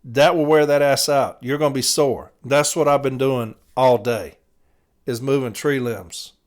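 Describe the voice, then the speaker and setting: A man's voice: mid-range voice, measured pace. A tired man hosts his own show, talking bluntly and with plenty of profanity. He lays out his grievances in a casual, fired-up monologue. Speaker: podcast host, city letter carrier.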